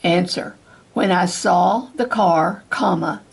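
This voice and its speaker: Slow, husky woman reading dictation. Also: fairly low pitch. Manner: slow, deliberate, evenly paced reading. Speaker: dictation reader for court reporting practice. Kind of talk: slow dictation with spoken punctuation.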